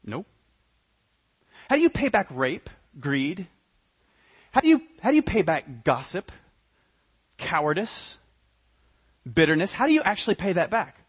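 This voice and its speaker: A man preaching a sermon, dramatic, swinging between loud emphatic points and quiet hushed asides. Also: high voice, very animated, unhurried, long pauses, husky, dull audio. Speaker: pastor.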